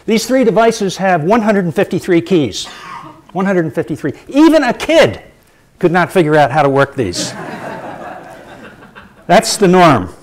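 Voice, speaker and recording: A middle-aged man giving a public lecture, lively and emphatic, repeating his key points for effect. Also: sits high, measured pace, pauses often.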